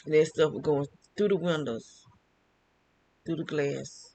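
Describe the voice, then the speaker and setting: A man's voice: on the high side, fairly even intonation, a little slow, dark tone, slight background noise, poor audio. An older man talking alone to camera, rambling and often repeating and restarting his phrases. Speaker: vlogger. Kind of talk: casual monologue.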